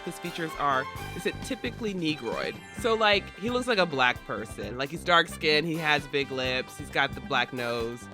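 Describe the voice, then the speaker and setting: A man hosting a podcast, retelling a historical play in a chatty, animated way. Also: fairly high pitch. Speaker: podcast host. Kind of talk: casual storytelling of history.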